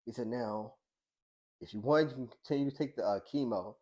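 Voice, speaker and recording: A middle-aged boxing coach and social worker, a guest on a podcast, tells the host a heavy personal story at an ordinary, mid-range pitch. He speaks colloquially and earnestly, halting with many restarts and acting out quoted dialogue, and at times his voice sinks to a hush.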